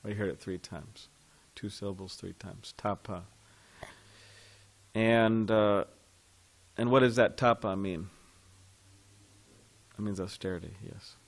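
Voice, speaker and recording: Low-voiced man teaching a scripture class. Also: steady tone, a little slow, creaky, pauses often. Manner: conversational, questions the audience. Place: temple class room.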